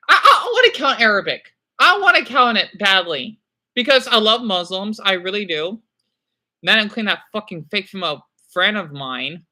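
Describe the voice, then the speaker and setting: A man's voice: very high voice, animated, normal speed, bright, forceful tone. A young man chatting to viewers on a livestream, rambling and apologetic, with many halts and fillers. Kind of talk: rambling live chat with viewers.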